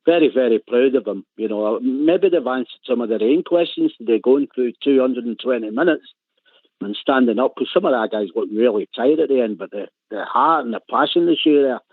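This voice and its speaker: A man's voice: medium pitch, dry recording. Man, radio pundit, rambling chat, dry tinny phone line. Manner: rambling, repeats words, chuckles.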